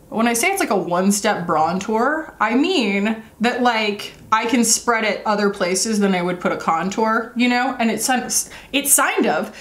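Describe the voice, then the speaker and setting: Chatty woman vlogger in an echoey room. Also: medium pitch. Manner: chatty, rambling, many fillers. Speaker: beauty vlogger. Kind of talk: casual makeup tutorial chat.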